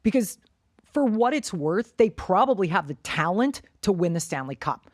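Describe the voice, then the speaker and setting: A woman's voice: medium pitch, very animated, moderate pace, dry recording, studio quality. Blunt, opinionated woman talking hockey. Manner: blunt, opinionated, swears freely. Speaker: podcast co-host. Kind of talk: casual sports chat.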